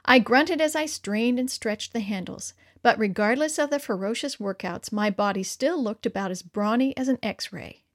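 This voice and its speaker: A woman narrating a first-person children's story with an expressive, wry delivery. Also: a little high, normal speed.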